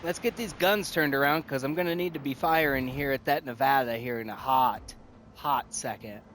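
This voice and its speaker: A man giving excited, casual commentary over his own gameplay, out of breath, laughing often and talking to himself as the action swings. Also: mid-range voice, normal speed, a little hiss or hum. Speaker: gaming streamer.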